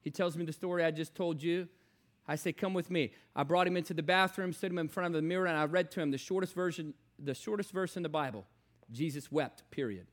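Male preacher, high-pitched, impassioned sermon storytelling, repeats phrases, loud to hushed. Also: fast.

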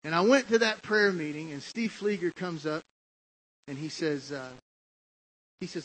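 A man's voice: on the high side, measured pace, long pauses, fairly bright tone, slight background noise, poor audio. A man preaching a testimony sermon, telling his story in a conversational way with frequent asides to the listeners.

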